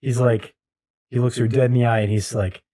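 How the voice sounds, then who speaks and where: A man's voice: medium pitch, fairly even intonation, fairly quick, mellow. A man co-hosting a podcast, casually retelling a funny story in a rambling way with lots of fillers. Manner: rambling, lots of "like" and "you know", laughs at his own story. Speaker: podcast co-host.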